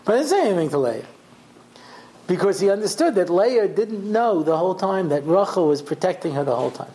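A man's voice: high voice, big pitch swings, brisk, dark tone, slight background noise, poor audio. A man, a rabbi, teaching a class in a conversational storytelling way, often checking in with his listeners. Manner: conversational, tells stories acting out the voices, checks in with "yeah?". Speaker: rabbi giving a Torah class. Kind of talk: lecture with storytelling.

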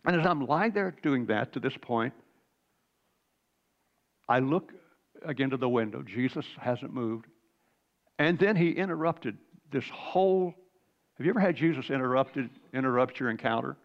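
Gravelly older man giving a fervent testimony. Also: mid-range voice, lively intonation, normal speed, long pauses, lo-fi sound. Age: 60s. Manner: earnest, fervent storytelling with throat-clearing and repeated words. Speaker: Christian speaker sharing a testimony. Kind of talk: emotional spiritual testimony.

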